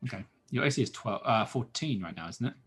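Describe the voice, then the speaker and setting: A man's voice: mid-range voice, lively intonation, fast talker, fairly bright tone, slightly rough. A young man with dry, teasing humor, narrating as dungeon master of a tabletop game.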